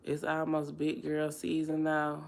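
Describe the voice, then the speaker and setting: Gravelly Southern woman chatting on a livestream. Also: low-pitched, a little slow, a little hiss or hum. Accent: Alabama Southern US. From Alabama, US. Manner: chatty, expressive, Southern slang. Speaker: livestream host. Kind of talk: casual livestream chat, reading comments aloud.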